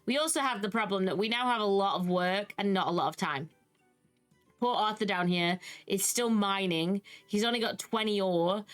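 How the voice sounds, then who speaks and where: A young British woman giving casual, animated commentary on a video game she is playing, with exasperated asides. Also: medium pitch, clear, resonant tone. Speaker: gaming YouTuber. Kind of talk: casual let's-play commentary.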